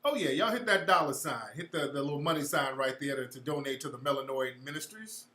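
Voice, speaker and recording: A man's voice: a little high, quick pace, sharp tone, echoey room. A man hosting a livestream, ranting casually in blunt, profane street talk to his viewers. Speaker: livestream host.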